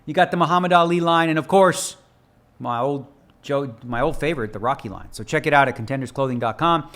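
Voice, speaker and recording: A man's voice: fairly high pitch, a little fast, a bit bright. A man who plays poker for a living, talking through one of his hands in a loose, joking, slangy way. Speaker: professional poker player analysing his own hand. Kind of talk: casual spoken hand analysis.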